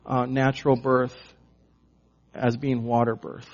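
A man's voice: mid-range voice, little pitch movement, moderate pace, a little mellow. A man delivers a teaching sermon in an easy, conversational tone. He leans hard on key words and scatters fillers as he explains. The audio sounds a little dull. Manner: conversational, emphatic, many fillers. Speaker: pastor.

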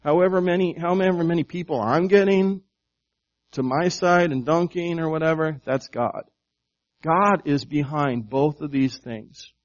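A man's voice: a little high, unhurried, muffled recording. A man preaching a sermon in a conversational way, asking the congregation questions and often repeating his words. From United States. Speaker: pastor.

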